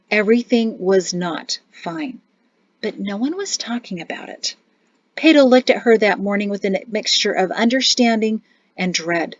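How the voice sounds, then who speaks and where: A woman narrating an audiobook with an expressive, even storytelling read. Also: mid-range voice, dry recording. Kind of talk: scripted narration. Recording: dull, dry recording.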